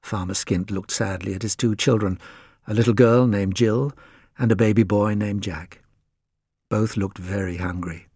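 A man reading a children's storybook aloud in an expressive, lively storytelling manner. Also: on the low side, moderate pace, husky, no room sound, clean studio sound. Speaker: audiobook narrator.

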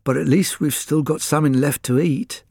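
A man's voice: on the high side, moderate pace, vocal fry, a little mellow, husky, no echo, clean studio sound, pitched above the performer's own voice. A man reading a storybook and voicing a poor farmer who talks in a weary, resigned way. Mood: glum. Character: poor, gloomy middle-aged farmer.

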